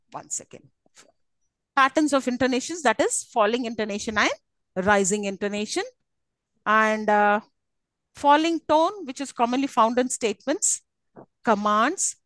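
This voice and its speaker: A woman's voice: on the high side, fairly bright tone, no echo. A woman giving a university lecture, explaining step by step and often checking that listeners follow. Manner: explanatory, checks understanding with repeated "okay?" and "isn't it?".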